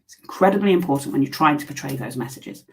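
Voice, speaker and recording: A woman's voice: deep voice, quick pace, gravelly, a little mellow. A woman leading a live online workshop, chatty and encouraging, with frequent fillers and restarts.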